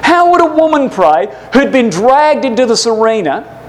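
High-voiced man preaching fervently. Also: sing-song, moderate pace, poor audio. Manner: fervent, building to urgent rhetorical questions; addresses listeners as brothers and sisters. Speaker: Bible class teacher. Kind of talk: preaching Bible study.

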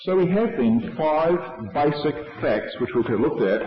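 A man giving a sermon, explaining his points in a measured way to a congregation. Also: a little high, expressive. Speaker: preacher. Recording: echoey hall, dull lo-fi sound.

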